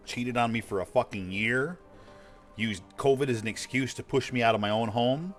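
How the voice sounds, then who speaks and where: A man's voice: mid-range voice, moderate pace, faint music behind. A man in his forties streaming a game, talking bluntly and profanely in a rambling casual chat. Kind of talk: casual chat while gaming.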